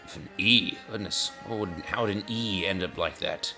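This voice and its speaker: Bright, rambling male gamer. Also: low-pitched, normal speed, faint music behind. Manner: rambling, self-mocking, easily sidetracked. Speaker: gaming video host. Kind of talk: casual rambling gameplay commentary.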